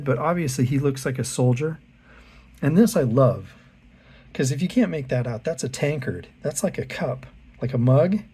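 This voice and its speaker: A man hosts a casual walkthrough of an art book and talks straight to his viewers. His voice is mellow and dark, with a husky edge. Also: mid-range voice. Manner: chatty, addresses viewers directly. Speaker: art channel host.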